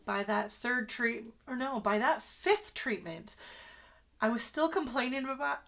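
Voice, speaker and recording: A woman's voice: on the high side, lively intonation, measured pace, creaky, a bit bright. A woman telling her own story on a livestream in a chatty, rambling way, full of fillers and restarts. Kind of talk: casual personal storytelling.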